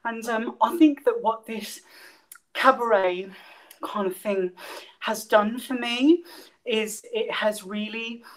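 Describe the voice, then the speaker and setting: A woman's voice: a little high, slow pace, rough recording. A middle-aged woman, a guest performer speaking casually in a rambling, hesitant way, full of ums. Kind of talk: casual spoken appeal.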